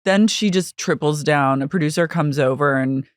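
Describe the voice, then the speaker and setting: A man with a slightly high voice trades campy, quick-witted remarks in a reality TV recap podcast. The sound is dry and close. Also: dry recording. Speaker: podcast co-host. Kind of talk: casual chat, reality TV recap.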